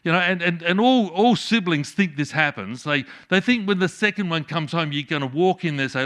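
A middle-aged man preaching a sermon, swinging from loud emphatic peaks to soft hushed endings. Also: fairly high pitch, expressive, brisk, hardly any pauses. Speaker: pastor.

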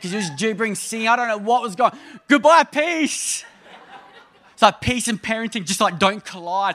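A man in his thirties delivering a sermon with a high, light voice. His manner is chatty and funny, swinging between emphatic bursts and hushed asides. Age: 30s. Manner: conversational and humorous, with sudden emphatic rises and soft drops. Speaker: preacher.

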